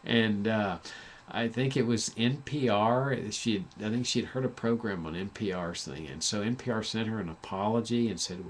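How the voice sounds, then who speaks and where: A man's voice: fairly low pitch, normal speed, a little hiss or hum. A man hosting a talk show, giving a passionate, sarcastic political commentary monologue with frequent restarts. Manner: impassioned, sarcastic, full of restarts.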